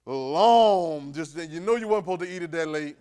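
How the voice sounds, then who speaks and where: A man teaching a class in a relaxed, talky sermon style, pitched a little high. He keeps checking in with his listeners and swings between quiet asides and loud outbursts. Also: very fast, smooth. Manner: call-and-response, keeps asking "right?"; swings from low murmur to sudden loud bursts. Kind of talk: conversational sermon.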